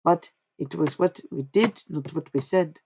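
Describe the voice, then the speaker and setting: A woman's voice: sits low, a little slow, a little mellow, a little hiss or hum. A woman speaking as a channeled old male holy man, preaching in plain, broken phrases. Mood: solemn.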